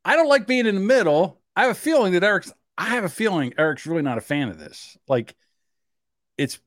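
A man in casual podcast banter with a lively, bouncing voice that rides a bit high. He jokes, laughs easily and drops into silly mock voices. The sound is close and dry. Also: a little fast, dry recording. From Irish. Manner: jokey, laughs often, slips into mocking voices. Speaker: podcast co-host.

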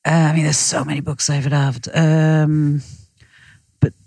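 A woman's voice: sits low, little pitch movement, measured pace, creaky, dry recording. A middle-aged woman with a French accent, a resort owner talking casually as a guest, laughing often and joking about herself. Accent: French-tinged. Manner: laughs often, warm and self-deprecating. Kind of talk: casual interview chat.

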